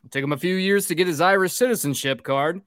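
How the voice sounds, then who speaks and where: A man's voice: high voice, fast, fairly bright tone, no echo, clean studio sound. A man hosting a casual podcast, swearing freely and getting drunk as he talks. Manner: profane, rowdy and joking. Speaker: podcast host.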